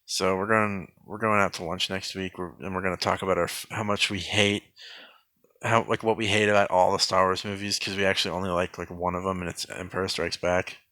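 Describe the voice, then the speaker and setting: A man giving a sarcastic mock film review in a deadpan, rambling way, full of fillers and restarts. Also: sits low, brisk, no room sound.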